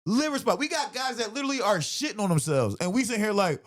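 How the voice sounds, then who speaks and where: A man, a comedian hosting a podcast, in a profane, animated comedic rant, laughing often. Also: sits high, fast talker, few pauses.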